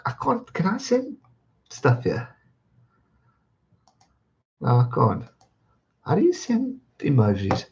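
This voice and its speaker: A man's voice: medium pitch, huge pitch swings, slow pace, long pauses, darkish tone, muffled recording. A man hosting a live stream, chatting casually and greeting viewers by name as he reads their comments.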